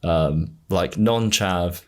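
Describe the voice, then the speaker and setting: A podcast host with a fairly low voice and a southern English accent. He talks in a loose, rambling way, full of ums and restarts, and laughs often. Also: takes it slowly. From England. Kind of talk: casual chat.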